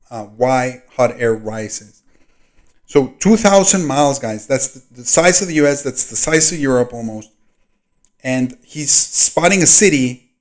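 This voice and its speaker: A man hosting his own video, reading a diary aloud and breaking off into long commentary. He rambles, fills gaps with ums, and clears his throat often. His loudness rises and falls as he talks. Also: mid-range voice. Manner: rambling, frequent throat clearing and fillers, loudness rising and falling. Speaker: video host.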